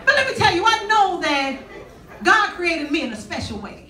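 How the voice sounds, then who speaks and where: A woman's voice: extremely high pitch, sing-song, moderate pace, bright, forceful tone. A woman doing stand-up comedy, sassy and conversational, teasing the audience, recorded live on stage in a large hall. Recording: echoey hall with crowd noise, mic at a distance.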